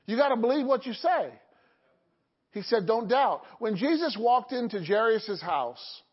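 Pastor, male, high voice, call-and-response sermon, dull lo-fi recording. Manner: call-and-response preaching, frequent "Okay?" and "Amen?".

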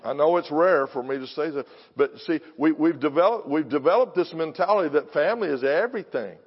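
Brief: older male preacher, fairly high voice, punchy sermon delivery, long hall reverb. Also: lively intonation, brisk, husky, muffled recording, some chatter behind. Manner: punchy, alliterative, confrontational preaching. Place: church sanctuary.

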